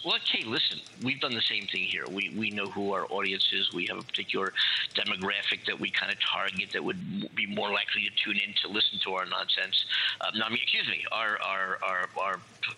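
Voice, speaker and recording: A man co-hosting a casual talk show, his voice bright and edged with fry. He rambles playfully, correcting himself as he goes. Faint noise sits under the line. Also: on the low side, rough recording. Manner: playful, breaks into singing snippets and rambling asides. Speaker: co-host. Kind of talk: casual radio chat.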